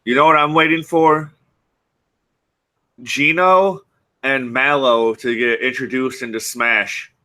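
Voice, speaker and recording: A man hosting a casual podcast, chatting about video games in profane, animated banter. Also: medium pitch, slow, pauses often. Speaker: podcast host. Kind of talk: casual chat.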